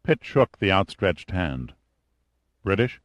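A man narrates a thriller audiobook in a steady, measured voice. His voice is very deep, and the recording is dry and close to the mic. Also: no room sound. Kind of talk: scripted narration.

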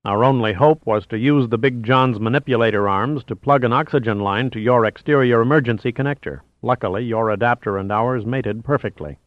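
Man reading stony male commander, terse, quiet, slightly muffled. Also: medium pitch, brisk, few pauses, dry recording, natural voice. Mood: steady.

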